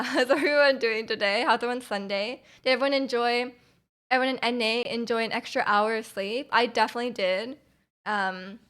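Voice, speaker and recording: A woman's voice: fairly high pitch, fairly bright tone. A young woman livestreamer in casual chat with her viewers, rambling with lots of fillers and giggles.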